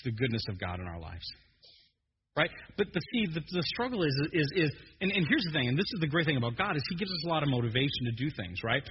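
Man pastor, joking animated sermon, slightly high voice, long hall reverb, muffled sound. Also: fast, slight background noise. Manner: joking, animated preaching with many restarts.

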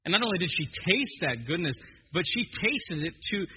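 A man preaching a joking, animated sermon as a pastor, stumbling and restarting often. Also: sits high, moderate pace, slightly rough. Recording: dull muffled sermon recording in a long-echo hall.

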